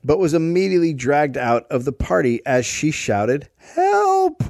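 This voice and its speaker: A man's voice: fairly high pitch, normal speed, vocal fry, a little mellow, no room sound, clean studio sound. A man co-hosting a comedic history podcast, reading from his research notes and adding wry asides in casual chat. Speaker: podcast co-host presenting the story.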